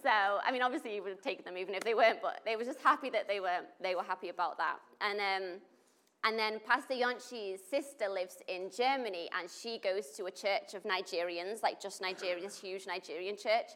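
A woman's voice: medium pitch, brisk, fairly bright tone. A woman, a volunteer helping refugees, telling a story in casual talk full of 'like' and 'you know'.

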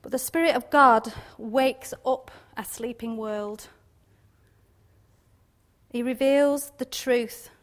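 A woman giving an informal devotional talk on scripture, chatty and quick to laugh, often ending points with little questions. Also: fairly high pitch, steady tone. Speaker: Bible teacher.

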